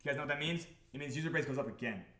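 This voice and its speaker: Animated, profane man hosting a live stream. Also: fairly high pitch, very fast, reverberant. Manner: animated, profane, repeats himself, keeps asking the audience if they follow. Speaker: crypto project founder hosting a live stream. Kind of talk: casual live-stream talk to chat.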